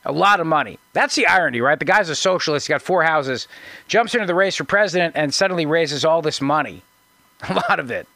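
A man's voice: a little high, fairly quick, creaky, bright, forceful tone, dry recording. A man hosting a call-in talk radio show, giving sarcastic, mocking political commentary and often restarting his sentences.

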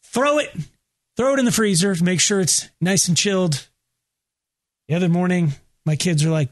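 A man co-hosting a radio show, telling a story in an animated way, laughing and doing voices as he goes. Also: sits high, normal speed, pauses often. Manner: animated, laughing, does voices in his stories. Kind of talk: casual radio banter, storytelling.

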